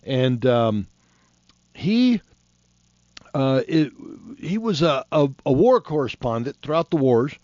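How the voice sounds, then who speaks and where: A man's voice: mid-range voice, animated, slow pace, pauses often, a little mellow, no room sound. Impassioned preacher man in his fifties. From Florida. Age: 50s. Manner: impassioned, folksy, heated. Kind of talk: fiery sermon. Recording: dull, dry lo-fi recording.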